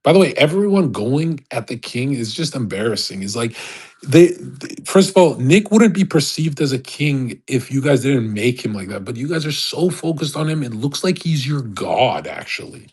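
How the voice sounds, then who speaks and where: A man's voice: medium pitch, sing-song, normal speed, darkish tone, breathy edge. A young man ranting casually on a live audio chat, brash and profane, laughing often. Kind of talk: casual rant.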